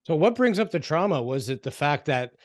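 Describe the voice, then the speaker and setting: A man's voice: fairly high pitch, brisk, no room sound. Supportive male podcast host, dry sound. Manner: relaxed, supportive, says "you know" and "like". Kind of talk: interview questions.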